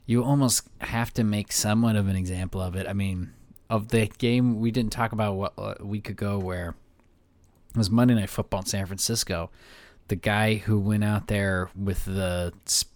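A man's voice: lowish voice, fairly even intonation, normal speed, a little mellow, no echo. A man hosting a sports podcast, talking in an easygoing, agreeable way and steering the chat. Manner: easygoing, agreeable, wraps up segments.

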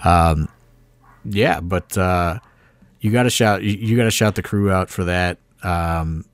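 Low-voiced man telling rambling backstage stories. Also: a little slow, dry recording. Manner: rambling, filler-heavy storytelling with mild swearing. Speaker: podcast co-host, wrestling promoter. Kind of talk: casual chat.

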